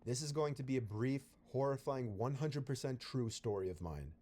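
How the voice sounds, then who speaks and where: A man reading a scripted first-person horror story in a steady, even storytelling manner. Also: medium pitch, moderate pace.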